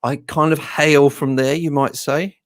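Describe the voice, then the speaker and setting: A man's voice: on the high side, little pitch movement, a little slow, no echo, studio quality. Chatty rambling male live-stream host. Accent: English-tinged Australian. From Australia. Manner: chatty, self-deprecating, rambling. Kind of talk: casual live-stream chat.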